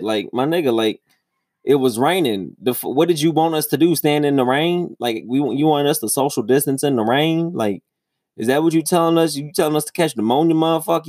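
A young man telling a story in a casual, profane ranting monologue, with his voice jumping high when he gets exasperated. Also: no echo, studio quality. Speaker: vlogger.

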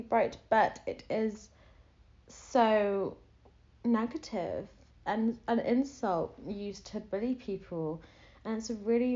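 A woman's voice: on the high side, a little mellow, lo-fi sound. A young woman hosting her podcast in a casual, rambling monologue full of fillers. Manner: chatty, rambling with many fillers. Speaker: podcast host.

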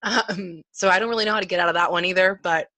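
A woman in her thirties talks over a video call with a bright, forceful edge on a lowish voice. She is animated and laughs easily, and the sound is dry. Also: fast, no room sound. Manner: animated, laughs often, acts out her toddler. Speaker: podcast co-host. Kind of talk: casual chat.

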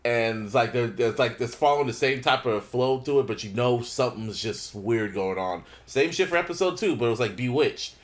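A man's voice: medium pitch, brisk, hardly any pauses. Hyped, swearing male podcast host. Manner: loose, profane, hyped. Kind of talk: casual podcast chat.

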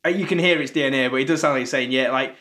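A man, co-hosting a casual music podcast, relaxed and joking as he asks questions. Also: mid-range voice, very fast. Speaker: podcast co-host. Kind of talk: casual chat.

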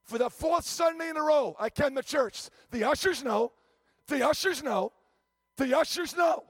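A woman's voice: high-pitched, moderate pace, no echo, studio quality, natural voice. A man playing an indignant old churchwoman. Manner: emphatic, repeats herself, shouting. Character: indignant older churchwoman guarding her pew seat.

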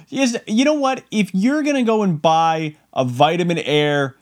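Man, casual comedic rant, slightly high voice, unhurried delivery, frequent laughter. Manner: rambling, laughs often, mock-outraged asides.

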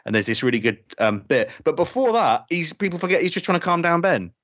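A man hosting a podcast in casual chat, excitable, laughing a lot and acting out quotes. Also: on the high side, quick pace, no room sound. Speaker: podcast host. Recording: dull lo-fi dry sound.

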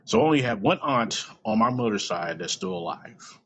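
A man's voice: mid-range voice, lively intonation, moderate pace, fairly bright tone, slightly rough. A middle-aged man hosting a podcast, talking casually in a blunt, profane storytelling way. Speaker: podcast host. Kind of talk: casual monologue. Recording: dull lo-fi recording.

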